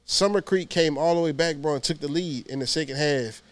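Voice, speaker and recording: A man's voice: on the high side, a little fast, a crowd in the background. A man co-hosting a casual sports chat, sounding stuffy from a cold and saying "bro" a lot. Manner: laid-back, says "bro" often. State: stuffy, under the weather. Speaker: co-host.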